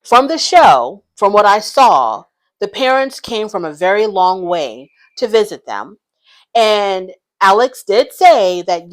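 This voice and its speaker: A woman's voice: mid-range voice, sing-song, slow. A woman giving casual, opinionated commentary on a reality show, frank and blunt.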